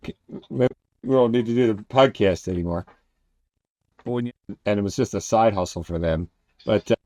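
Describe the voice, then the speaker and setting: A man's voice: lowish voice, mellow, dry recording. A man hosting a podcast, chatting loosely with his guest and asking questions. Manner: loose, chatty, with restarts and filler. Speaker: podcast host. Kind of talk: casual interview chat.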